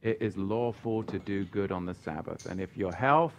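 On a Bible Q&A livestream, a man with a low-sitting voice preaches while answering viewer questions, emphatic and chatty, with joking asides, at normal speed. The stream audio is dull and lo-fi, with slight background noise.

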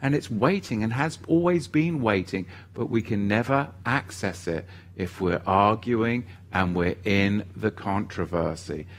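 A man's voice: lowish voice, unhurried. A man hosting a ministry livestream, chatting casually and reading viewer comments aloud in an upbeat way.

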